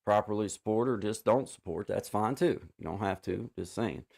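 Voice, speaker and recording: A man hosting a casual livestream chat over a video call, rambling with many restarts and fillers and giving warm shout-outs to viewers. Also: on the low side, moderate pace, vocal fry. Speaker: livestream host.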